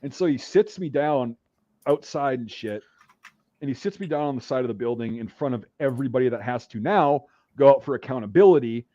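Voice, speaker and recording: A man's voice: medium pitch, animated, a little fast, warm tone, no echo. A man hosting a podcast, telling a rambling war story in casual, profanity-heavy talk. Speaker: podcast host. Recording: dull dry recording.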